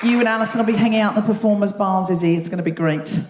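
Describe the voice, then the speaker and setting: A woman's voice: medium pitch, racing, a little mellow, some chatter behind. Female host, chatty and teasing, live stage in a roomy hall. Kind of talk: live show hosting and audience banter. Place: theatre stage before a live audience. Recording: roomy live theatre sound.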